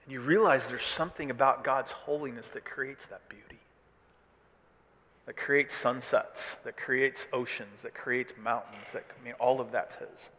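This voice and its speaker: Male pastor from Missouri, animated preacher, loud declarations dropping to hushed asides, bright tone with long hall reverb. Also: medium pitch, unhurried. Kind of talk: sermon.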